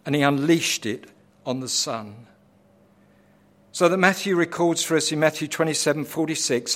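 High-voiced man preaching dramatically. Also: sing-song, normal speed. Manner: dramatic, swinging from hushed to loud. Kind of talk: sermon.

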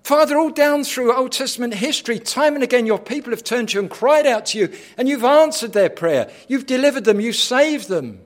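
A man in anguish cries out to his father in a high, earnest voice, fervent and pleading, with a preacher putting him on. The plea rises and falls in intensity. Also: animated, fairly quick, few pauses.

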